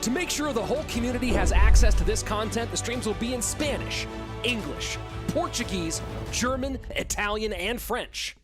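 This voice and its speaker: A man's voice: sits high, animated, moderate pace. A man giving an upbeat, scripted narration for a tournament promo video. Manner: upbeat announcer read. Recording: narration over loud music. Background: loud music.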